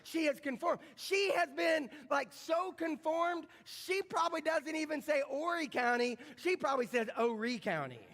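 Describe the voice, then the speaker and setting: A man's voice: very high-pitched, moderate pace, few pauses, a bit bright. A middle-aged man preaching a conversational sermon, often repeating words and putting questions to the congregation. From American Midwest. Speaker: pastor. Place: large church sanctuary. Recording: church livestream with long hall reverb.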